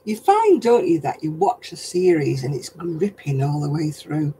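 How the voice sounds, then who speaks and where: A man's voice: on the high side, expressive, moderate pace, mellow, a little hiss or hum, low-quality recording. An older man hosting a casual livestream chat, talking in a rambling, chatty way and laughing often. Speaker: host.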